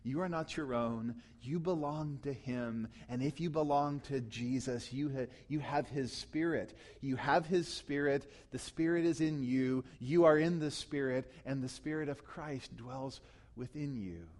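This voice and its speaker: A man preaching a sermon as pastor, teaching closely from scripture, rising to loud emphatic peaks and falling back to quiet, low passages. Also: a little slow. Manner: teaching tone, explains grammar of scripture.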